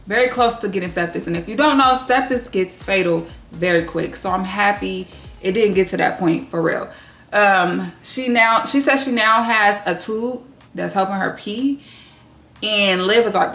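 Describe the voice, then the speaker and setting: Woman doing a reality tv recap, swears a lot, echoey room with faint music under it. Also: mid-range voice. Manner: blunt, swears freely, animated asides. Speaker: recap vlogger.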